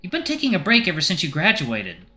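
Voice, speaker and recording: A man's voice: high voice, huge pitch swings, fast talker, pushed and bright, faint music behind, voice pushed up, full character voice. A man voicing a worried, scolding middle-aged mother. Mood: exasperated. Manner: scolding, exasperated.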